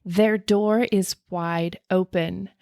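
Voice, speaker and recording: A woman podcast co-host reading listener ghost stories aloud in a casual chat, dramatic and animated, gasping and laughing along. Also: mid-range voice, slow pace, no echo, studio quality. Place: home recording, remote from co-host.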